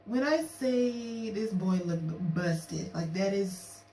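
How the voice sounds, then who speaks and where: A young woman vlogging casually, telling a story in a chatty, animated way and acting out what she and others said. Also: mid-range voice, slow. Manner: chatty, animated, acts out quotes of herself and her date. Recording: echoey room, distant mic, faint hiss.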